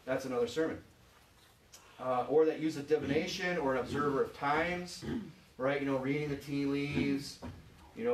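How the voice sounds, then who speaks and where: A man from Michigan preaching an informal sermon as pastor, chatty and full of "you know"s, pausing to ask the congregation questions. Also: medium pitch, a little hiss or hum. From Michigan, USA. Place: church sanctuary. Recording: echoey church, voice from far off.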